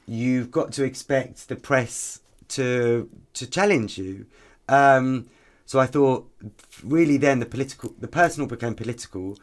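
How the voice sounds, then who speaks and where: A man, a podcast guest and activist, telling stories in an animated, chatty way with frequent ums. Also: medium pitch, unhurried. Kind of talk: conversational podcast interview.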